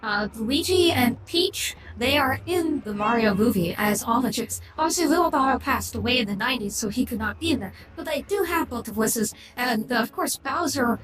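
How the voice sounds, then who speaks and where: A woman's voice: on the high side, expressive, moderate pace, few pauses, fairly bright tone. A woman streamer chatting casually on a livestream, rambling and opinionated, often restarting her sentences. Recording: echoey room with clear background noise.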